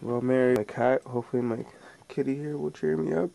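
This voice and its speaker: A man's voice: mid-range voice, fairly even intonation, a little fast, gravelly, warm tone. A young man recording himself while crying, swearing heavily in distraught outbursts. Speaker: vlogger. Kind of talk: distraught self-recorded rant.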